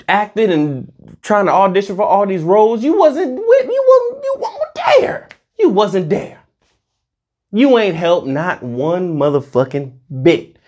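A vlogger delivering a heated, profane monologue that swings between loud outbursts and muttered asides. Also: medium pitch. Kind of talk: ranting monologue to camera.

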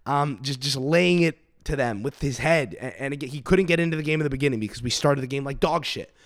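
A man's voice: medium pitch, quick pace, no echo, studio quality. A man hosting a podcast, ranting in a rambling, profane, emphatic way, sick with a cough. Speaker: podcast host. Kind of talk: solo podcast rant.

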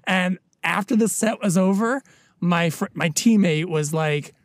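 A man's voice: high voice, unhurried, no echo, studio quality. A man, a comedian guest on a podcast, telling self-deprecating stories in casual chat.

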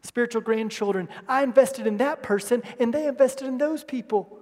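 A male pastor preaching a sermon with passion, swinging from loud emphatic bursts to hushed asides. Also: very high voice, normal speed. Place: church sanctuary. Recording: long hall reverb in a church sanctuary.

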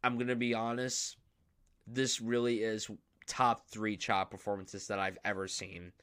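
A man's voice: on the low side, little pitch movement, a little slow, a bit bright, clean tone. A young man hosting a podcast, talking through films in an enthusiastic, emphatic, casual way. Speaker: podcast host. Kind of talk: casual film discussion.

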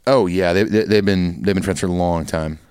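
A man's voice: low voice, brisk, a little mellow, clear, resonant tone, no room sound, studio quality. A man co-hosting a podcast in easygoing, agreeable casual chat that tends to ramble. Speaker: podcast co-host.

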